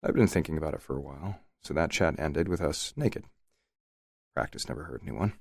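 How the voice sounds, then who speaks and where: A man narrating a first-person romance audiobook in a relaxed, wry manner. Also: a bass voice, a little fast, vocal fry, no echo, studio quality.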